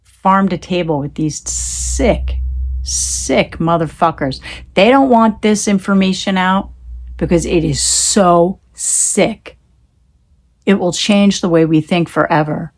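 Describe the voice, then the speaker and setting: A woman's voice: on the low side, slow pace. A woman talking into her phone in a rambling, emphatic monologue, swearing when she gets heated. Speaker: tarot reader.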